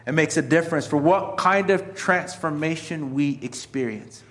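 A middle-aged man preaching a sermon in a noticeably high voice. He talks like a pastor chatting with his congregation, slipping from self-deprecating jokes into earnest exhortation. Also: moderate pace, fairly bright tone. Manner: conversational, self-mocking humor mixed with earnest exhortation. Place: church sanctuary.

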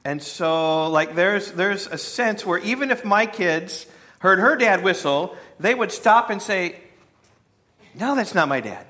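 Pastor, male, bright and fairly high voice, easygoing sermon delivery. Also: unhurried. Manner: conversational, with fillers and playful asides to the congregation.

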